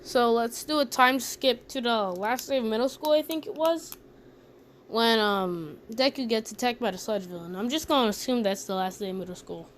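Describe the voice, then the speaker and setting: Woman narrator, casual and rambling, slightly high voice. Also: moderate pace, slight background noise. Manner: chatty, rambling asides. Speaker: fan storyteller. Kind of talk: casual fan-story narration.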